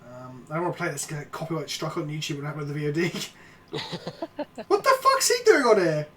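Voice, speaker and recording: A man's voice: fairly high pitch, a little fast. A young man streaming a card game, chatting casually and swearing a lot. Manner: sweary, excitable, breaks into shouting and laughter.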